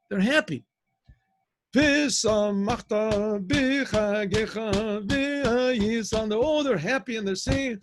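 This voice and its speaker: A man, a rabbi and teacher, telling a story to his students on a video call in an animated way with many restarts. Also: high voice, slightly rough.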